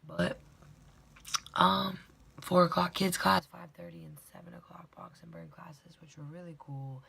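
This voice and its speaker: A young woman who vlogs and teaches fitness recaps her day in a rambling, casual way, swearing and often dropping into a whisper. Her voice is deep, a bit bright and full of vocal fry, and the recording is rough.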